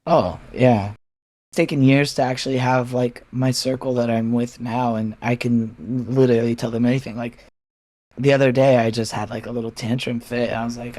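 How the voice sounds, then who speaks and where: A candid man in an unhurried podcast chat, mid-range voice recorded close and dry. He talks frankly and swears casually, slipping into animated impressions of his friends as he tells stories. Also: medium pitch, no room sound. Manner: animated storytelling, acting out friends' replies. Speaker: podcast guest. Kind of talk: candid personal conversation.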